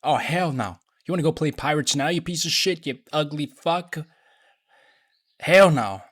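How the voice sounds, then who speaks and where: Brief: a man voicing a cranky old woman doctor, high and loud, barking abuse. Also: expressive, a little slow. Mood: furious. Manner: shouting insults, abrasive.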